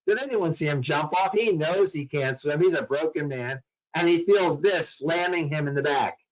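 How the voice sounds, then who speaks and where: A man's voice: on the high side, lo-fi sound. A man giving a talk on mental health to workplace staff, telling a story dramatically and acting out the voices in it.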